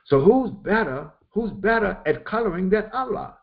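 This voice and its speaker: A man giving a morning Quran commentary lesson, repeating phrases for emphasis with halting restarts. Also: sits high, big pitch swings, dull audio. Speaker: religious teacher.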